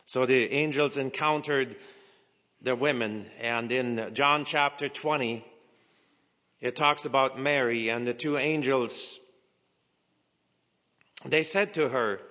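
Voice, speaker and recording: A male pastor preaching a sermon with dramatic delivery, dropping to hushed whispers and rising to emphatic peaks, slow and deliberate with repeated phrases. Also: mid-range voice. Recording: long hall reverb.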